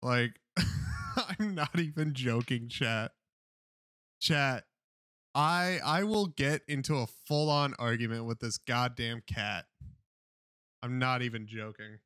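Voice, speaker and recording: A man streaming, ranting in mock fury and swearing, his voice jumping high into yelps. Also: slow, pauses often, bright, forceful tone, no room sound, clean studio sound.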